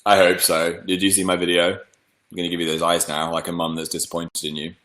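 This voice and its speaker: Chatty man with a bright voice. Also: deep voice, completely flat delivery, fairly quick, roomy sound. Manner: chatty, playful, rambling. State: slight cold with a cough. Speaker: livestream host reading viewer messages. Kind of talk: casual livestream chat.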